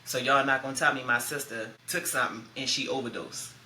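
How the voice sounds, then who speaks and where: This podcast host, a woman in her thirties, has a bass voice that stays steady, brisk, and sharp as she delivers a raw, profane, blunt account of something painful she lived through. The sound is echoey with faint noise behind it.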